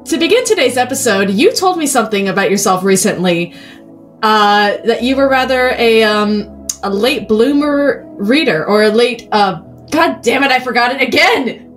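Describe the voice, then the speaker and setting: Woman podcast host, higher voice, chatty book talk, faint music behind. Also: animated, moderate pace. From California. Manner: chatty, self-deprecating, warm welcomes. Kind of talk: casual podcast chat.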